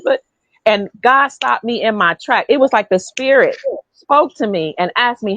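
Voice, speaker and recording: A woman's voice: mid-range voice, lively intonation, moderate pace, fairly bright tone, no echo, dull audio. A woman hosting a podcast, telling a personal story in an earnest, casual way and often repeating herself. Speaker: podcast host.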